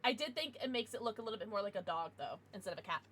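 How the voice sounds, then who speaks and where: A woman's voice: mid-range voice, expressive, rapid-fire, a bit bright, slight background noise. A woman livestreaming, chatting casually with her viewers in a bubbly, giggly way with playful baby-talk asides.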